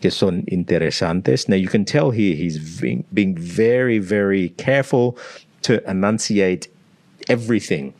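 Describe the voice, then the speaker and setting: A man's voice: fairly low pitch, measured pace, a little mellow. An Australian man working as a language coach, explaining pronunciation and demonstrating sounds aloud in a teacherly way. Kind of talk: explanatory analysis.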